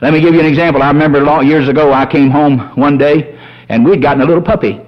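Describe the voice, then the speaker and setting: A man preaching a sermon as a pastor, folksy and animated, telling humorous stories. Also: a little high, quick pace. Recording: dull lo-fi sermon recording.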